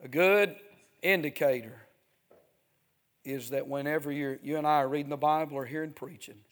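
A male preacher delivering a sermon, dropping to near hushes and then building to loud, emphatic stretches punctuated with "Amen.". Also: on the high side, normal speed. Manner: swings from hushed to shouting, repeats "Amen".

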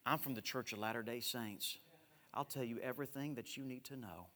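A man's voice: medium pitch, fairly quick, a bit bright, a little hiss or hum, pitched below the performer's own voice, natural voice. Preacher playing a smug rival missionary man. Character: smug male missionary of another church, adult. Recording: echoey church hall.

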